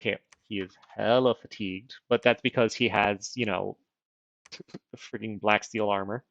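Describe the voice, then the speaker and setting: A man's voice: on the low side, fairly even intonation, normal speed, vocal fry, a bit bright, no room sound. A man livestreaming a strategy game, chatting casually and thinking aloud in a rambling, self-deprecating way while wearing dental retainers. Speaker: streamer.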